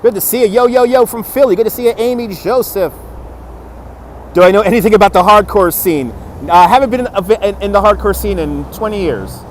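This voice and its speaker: An upbeat man livestreams while walking a city street, chuckling and greeting viewers by name. His voice sits high and is expressive and brisk, captured on a phone on a handheld gimbal over faint city traffic.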